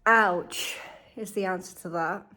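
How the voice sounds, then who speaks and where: A woman's voice: lowish voice, a little slow, sharp tone, faint music behind. A young woman chatting casually to camera in a vlog, candid and chatty with frequent swearing, while in pain. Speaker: vlogger.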